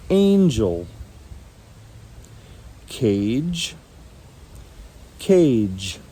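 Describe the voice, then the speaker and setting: A man teaching English pronunciation, saying each word twice slowly and carefully. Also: mid-range voice, mellow. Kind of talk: slow, deliberate word drills.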